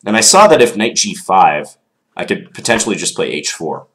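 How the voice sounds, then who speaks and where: Deep-voiced guy with a stuffy cold nose, rambling casually through chess moves, lots of ums. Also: very animated, moderate pace, a bit bright. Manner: thinking aloud, hedging with ums. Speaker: chess commentator. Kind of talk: casual game analysis.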